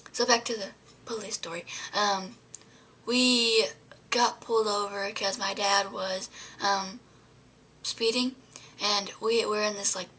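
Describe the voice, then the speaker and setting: A woman's voice: mid-range voice, sharp tone, slightly rough. A young adult woman vlogging, telling a story to camera in a rambling way, full of fillers and often dropping to a whisper.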